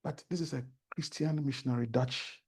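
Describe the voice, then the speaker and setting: A man's voice: medium pitch, moderate pace, darkish tone, breathy edge. A man with a Ghanaian accent, a guest on a talk show, telling stories and preaching about faith in an earnest, sermon-like way.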